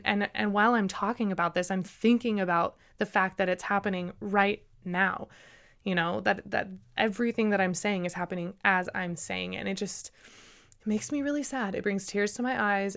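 A woman's voice: mid-range voice, vocal fry, fairly bright tone. A woman hosting a solo podcast, talking earnestly and emphatically, with frequent restarts and a slightly emotional edge. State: a little emotional. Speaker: podcast host. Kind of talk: casual solo podcast monologue.

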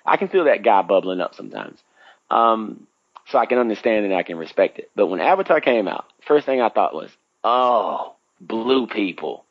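Animated man in his thirties telling a story. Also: a little fast, no room sound, dull audio. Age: 30s. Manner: animated, acts out his own past reactions with big pitch jumps. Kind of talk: casual storytelling chat.

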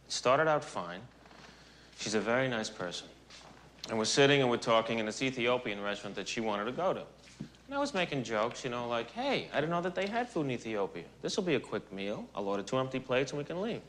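A wisecracking date. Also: male voice, medium pitch, big pitch swings, a bit bright, slight background noise. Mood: joking. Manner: quick, joking, self-amused delivery. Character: wisecracking man on a date, joking. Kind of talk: film dialogue.

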